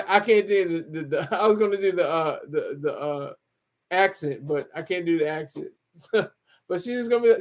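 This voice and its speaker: A man's voice: high voice, normal speed. A man hosting a casual livestream, joking, laughing often and reading viewer comments aloud. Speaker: livestream host.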